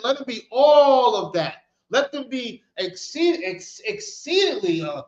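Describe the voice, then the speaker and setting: Fiery man preaching on the street. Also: extremely high pitch. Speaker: street teacher of scripture. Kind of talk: preaching commentary on scripture. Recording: echoey, dull sound.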